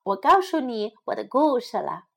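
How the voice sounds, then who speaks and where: A woman teaching English phrases to children, repeating each one slowly and explaining it in Chinese. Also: fairly high pitch, sing-song, creaky. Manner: slow, repeats phrases for learners. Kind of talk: bilingual English lesson.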